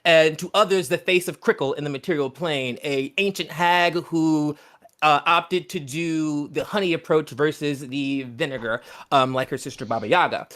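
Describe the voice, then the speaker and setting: A man's voice: fairly high pitch, fairly even intonation, normal speed, a bit bright. Man, game master, casual storytelling, hesitant ums, tabletop session. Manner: casual, full of ums and uhs.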